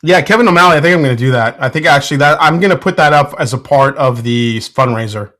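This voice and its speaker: A man's voice: mid-range voice, fast talker, a bit bright. A man hosting a casual live stream from his home whiskey room, laughing often, swearing freely and answering chat. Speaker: whiskey show host.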